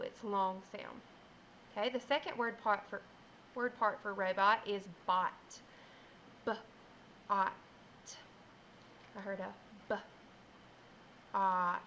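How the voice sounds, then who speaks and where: A woman teacher giving a phonics lesson for young children, speaking slowly and clearly and sounding out letters one by one. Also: mid-range voice, fairly bright tone, slight background noise, poor audio.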